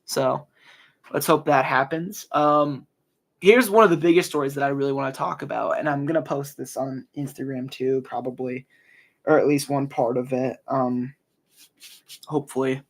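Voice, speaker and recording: This early-twenties man has a gravelly, medium-pitched voice with a steady tone and normal speed. Hosting a laid-back solo podcast, he speaks earnestly, often restarting and using fillers.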